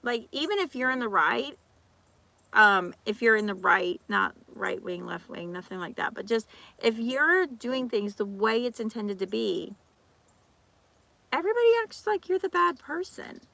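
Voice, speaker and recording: Bright, gravelly-voiced woman ranting. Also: fairly high pitch, dry recording. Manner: animated, ranting, acts out quoted people; talks fast with restarts and repeats. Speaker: vlogger. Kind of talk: casual chat.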